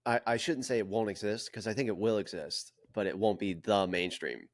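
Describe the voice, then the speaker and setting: A man with a very low voice gives his opinions in a laid-back podcast chat. His voice is recorded dry and close, with no room sound, and he clears his throat now and then. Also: fairly quick, dry recording. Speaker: podcast co-host.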